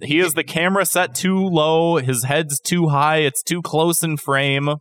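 A man's voice: on the high side, fairly even intonation, measured pace, a bit bright, no room sound. A man co-hosting a comedy podcast, making dry, wry remarks. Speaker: podcast co-host.

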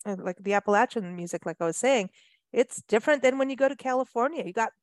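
A woman hosting a radio show, talking in a chatty, animated way with lots of fillers. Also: a little high, quick pace, no echo. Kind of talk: casual radio interview chat.

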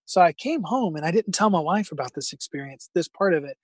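A man's voice: fairly high pitch, lively intonation, slightly rough, no echo. Earnest middle-aged man telling his story. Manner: earnest, halting storytelling with many restarts. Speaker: guest. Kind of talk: personal story in a podcast interview.

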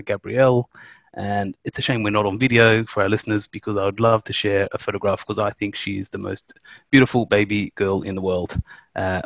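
A man's voice: fairly low pitch, no echo. A man from Australia, co-hosting a podcast in a chatty, jokey, self-deprecating way. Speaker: podcast co-host, corporate lawyer. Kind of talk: casual podcast chat.

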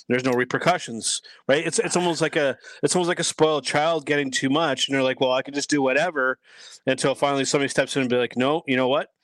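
A man's voice: medium pitch, a bit bright, smooth, no echo. A man giving his views as a guest in a casual podcast chat, rambling with many restarts. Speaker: guest commentator.

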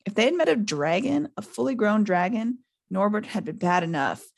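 A woman hosting a podcast, reading a novel aloud in a lively way. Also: mid-range voice, normal speed, gravelly. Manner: lively, laughs often. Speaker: podcast host.

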